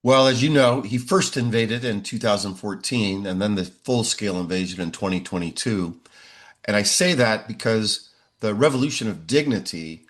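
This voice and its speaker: A man in his sixties, a professor answering interview questions in a measured way, often pausing on "uh". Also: lowish voice. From United States. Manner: measured, frequent "uh" fillers.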